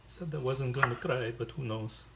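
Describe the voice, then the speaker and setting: This cooking-video host talks casually to himself and his dog while working in his home kitchen. He speaks at normal speed in a creaky, mid-range voice. Chopping and the clink of dishes and cutlery make for loud kitchen noise the whole way through.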